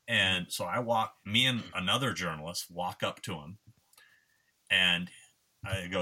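A low-pitched man with a very bright, forceful tone tells stories in a casual chat. He talks in an animated, profane way and mixes in fillers as he goes. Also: moderate pace. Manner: profane, animated anecdote telling. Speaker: guest. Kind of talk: casual storytelling.

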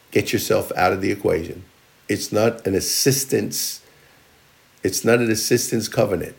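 A male pastor preaching a sermon, reading scripture and driving points home with emphatic, punchy delivery that swings between loud and soft. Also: fairly low pitch, moderate pace, gravelly.

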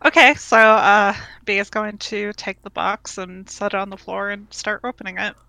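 A woman playing a tabletop role-playing game, slowly describing her character's actions. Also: medium pitch, level tone, gravelly, bright, forceful tone, dry recording, poor audio. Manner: slow, describing actions in third person. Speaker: player.

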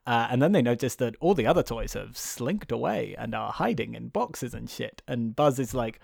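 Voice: mid-range voice, normal speed, gravelly, no echo, studio quality. A podcast co-host, casually retelling a film plot and swearing freely. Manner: chatty, swearing, animated storytelling with playful voices. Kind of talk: casual film recap chat.

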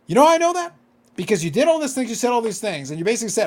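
A man's voice: high-pitched, huge pitch swings, fast. A man co-hosting a casual podcast chat, ranting with profanity and disbelief. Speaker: podcast co-host.

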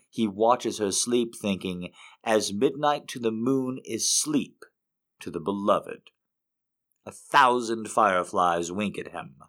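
Brief A male host reading poetry on air, with a mid-pitched voice that is neither deep nor high. His delivery is expressive: some phrases rise brightly and others sink low and quiet. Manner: expressive reader, swings between lifted and hushed phrases.

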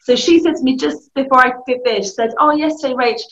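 A woman with a British accent, giving lively, animated advice as a guest in a conversation, often laughing. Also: high voice, fast talker. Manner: animated, laughing, acting out family voices. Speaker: youth work guest. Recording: muffled lo-fi audio.

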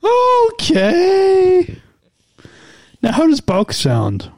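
Talkative male co-host, playful, very lively pitch, dry close sound. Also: moderate pace, no room sound. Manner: playful, teasing, stumbling restarts; energetic, talkative. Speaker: podcast co-host. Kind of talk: casual chat and ad reads.

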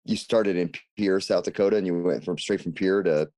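A man's voice: low-pitched, brisk, dark tone. A man hosting a casual interview, asking follow-up questions and laughing along with his guest. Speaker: interviewer host.

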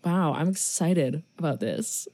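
A woman's voice: sits low, animated, unhurried, dark tone, slightly rough, no room sound. A woman co-hosting a casual movie-review podcast, giggling often and joking sarcastically. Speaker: podcast co-host.

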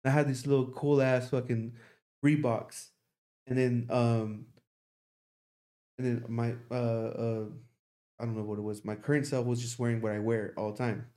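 Młody mężczyzna opowiada sen, dużo przekleństw. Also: male voice, mid-range voice, little pitch movement, moderate pace, long pauses, dark tone. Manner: rambling storytelling, heavy swearing. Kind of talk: casual chat.

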